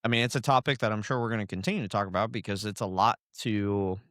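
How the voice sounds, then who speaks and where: A man's voice: lowish voice, fairly even intonation, fast talker, a bit bright, no room sound, clean studio sound. A man hosting a podcast, chatting in an easygoing, teasing way. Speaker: podcast host. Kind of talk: casual chat.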